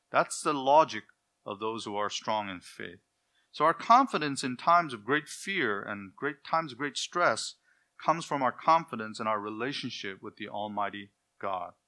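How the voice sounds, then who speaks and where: A man delivers an expository sermon in a bright, forceful tone at a medium pitch. He explains Hebrew words and lifts his voice when he quotes scripture. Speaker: preacher.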